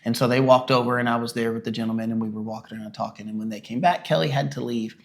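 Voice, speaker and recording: A man's voice: medium pitch, racing, vocal fry. A man co-hosting a casual podcast with his wife, telling rambling, jokey stories. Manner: rambling storyteller, jokey, animated when retelling. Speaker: pastor and podcast co-host. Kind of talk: casual chat.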